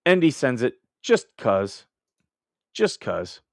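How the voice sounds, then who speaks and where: A man's voice: mid-range voice, very animated, slow, creaky, no echo. A man hosting a live stream, ranting and laughing as he comments, with many restarts. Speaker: livestream host.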